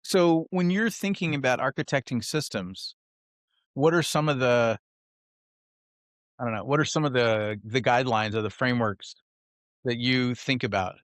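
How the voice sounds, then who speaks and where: A man's voice: mid-range voice, normal speed, pauses often, dry recording, studio quality. Chatty man hosting a podcast. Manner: chatty, affirming, rambling questions. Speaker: podcast host. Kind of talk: casual interview chat.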